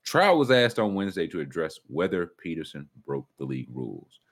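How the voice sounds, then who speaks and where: Animated, low-voiced joking man. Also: brisk. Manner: joking, animated, mock-incredulous. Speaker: show host. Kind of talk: casual sports chat.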